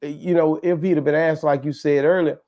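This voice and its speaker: Guy chatting casual, kinda high voice, lots of restarts, muffled lo-fi audio. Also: brisk. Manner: relaxed, hesitant with repeated starts. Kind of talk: casual chat. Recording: slightly dull lo-fi audio.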